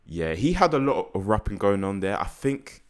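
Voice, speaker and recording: A man's voice: fairly low pitch, big pitch swings, moderate pace. A man hosting a casual album reaction, laid-back and thinking aloud with frequent laughs. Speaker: music reaction host.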